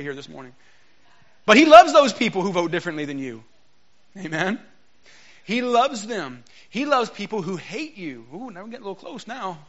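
High bright-voiced man preaching a sermon. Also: dull audio. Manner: lively, joking, calls for audience response. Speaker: guest preacher, Bible college teacher. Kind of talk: Pentecostal sermon. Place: church.

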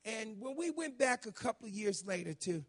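A middle-aged man preaching a sermon, telling personal stories in an animated way that climbs into shouts. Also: high-pitched, normal speed. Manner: animated storytelling, rising to shouts when quoting. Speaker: pastor.

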